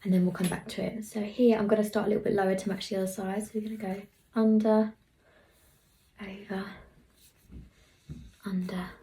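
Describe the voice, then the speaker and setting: A young woman talks through a hair tutorial in a chatty, easygoing way. She mutters asides under her breath as she works. Her voice has a gravelly, creaky texture. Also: mid-range voice, flat delivery, normal speed, long pauses, warm tone, slight background noise. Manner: chatty, talks while working, drops into murmurs. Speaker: hairstylist vlogger.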